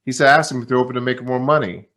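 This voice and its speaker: A man's voice: mid-range voice, racing. A man giving a motivational talk at a company training event, telling a story and acting out both sides of a conversation with repeated phrases. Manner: animated storyteller, repeats phrases, acts out dialogue. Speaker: company executive speaker.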